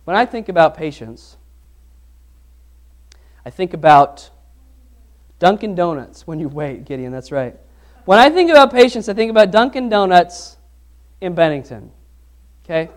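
Man, pastor, very high voice, chatty anecdotal sermon, lively storytelling, in a church. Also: normal speed, long pauses. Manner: conversational, animated storytelling with restarts. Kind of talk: sermon with humorous personal anecdote.

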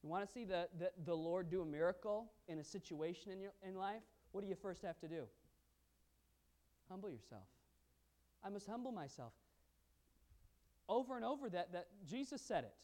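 A woman's voice: lowish voice, expressive, moderate pace, long pauses, dark tone. A woman teaching a Bible study class, earnest and emphatic, speaking to her class. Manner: earnest, emphatic, pleading in quoted prayers.

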